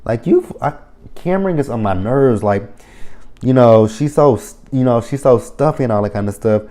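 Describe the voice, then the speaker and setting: A man's voice: mid-range voice, expressive, moderate pace, warm tone. A man giving a casual, opinionated TV review, blunt and heavily profane, with lots of fillers like "you know" and "um". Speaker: reality TV reviewer. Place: lives near the area the show covers.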